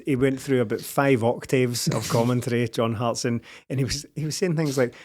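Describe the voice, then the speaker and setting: A man with a Scottish accent, co-hosting a casual football podcast, wry and quick to laugh. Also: medium pitch, a little mellow. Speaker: podcast co-host.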